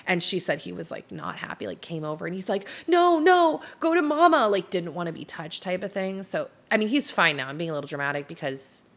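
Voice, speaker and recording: A woman vlogger telling a personal story to camera in a chatty, animated, self-described dramatic way, seated indoors. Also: low-pitched, fast, few pauses. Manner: chatty and animated, heavy use of "like". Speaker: YouTuber.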